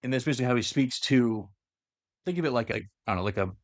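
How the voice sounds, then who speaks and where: A man's voice: medium pitch, animated, quick pace, no echo. Rambling man explaining lore, dry sound. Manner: loose, rambling retelling with many fillers. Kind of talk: casual lore chat.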